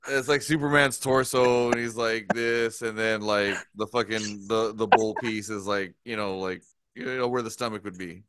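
A man's voice: fairly low pitch, steady tone, moderate pace, noisy background. A man casually telling a story, rambling with lots of swearing and filler words. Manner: profane, rambling, many fillers. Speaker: podcast co-host telling a story.

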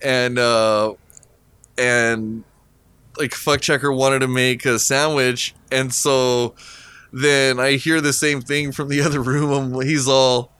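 A man's voice: mid-range voice, little pitch movement, slow, a bit bright, smooth, no echo. A man telling profane, laughing stories in a casual podcast chat. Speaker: podcast co-host.

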